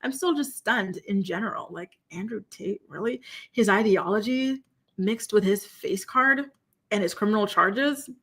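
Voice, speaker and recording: A woman hosting a live commentary stream, talking in an animated, incredulous, exclamatory way and reacting to her chat. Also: mid-range voice, a little slow, slightly rough. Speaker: commentary show host.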